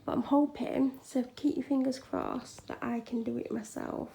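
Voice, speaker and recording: Gravelly-voiced woman vlogging. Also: sits high, fairly even intonation, moderate pace, few pauses. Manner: chatty, frank, drops into soft whispered asides. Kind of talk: casual home vlog chat. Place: room at home being decorated.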